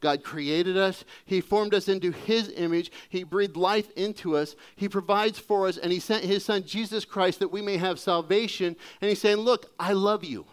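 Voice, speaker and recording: A man's voice: sits high, fairly even intonation, moderate pace, few pauses, clear, resonant tone. A man preaching a sermon in a conversational, humorous storytelling way. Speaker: pastor.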